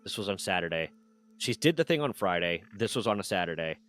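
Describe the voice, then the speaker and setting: A man's voice: low voice, expressive, fast, a bit bright, faint music behind. A man streaming, casually telling a personal story with candid swearing and mock voices for others.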